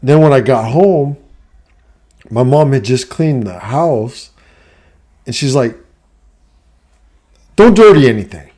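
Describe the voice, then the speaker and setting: A man's voice: medium pitch, takes it slowly, long pauses, warm tone. A middle-aged man, a life coach, talking candidly to camera in a rambling, profane, confessional way. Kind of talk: candid personal talk to camera.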